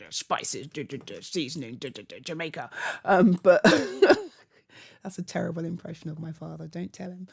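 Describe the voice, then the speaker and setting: A woman chats her way through a game session on a desk mic, her low voice edged with gravel. She rambles, laughs often and drops into muttered asides, with a lively, swooping delivery. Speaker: gaming channel host. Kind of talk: casual gameplay commentary.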